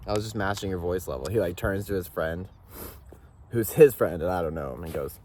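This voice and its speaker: A man's voice: low-pitched, a little fast, mellow, slight background noise. A young man vlogging while hiking outdoors, chatting casually in a rambling, joking, candid way into a phone camera.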